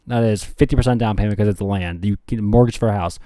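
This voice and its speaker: A man's voice: fairly low pitch, fast talker, mellow, dry recording, studio quality. A man hosting a casual talk, telling anecdotes and acting out both sides of the conversations. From Canada. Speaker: podcast host, realtor. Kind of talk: casual chat. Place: house under renovation.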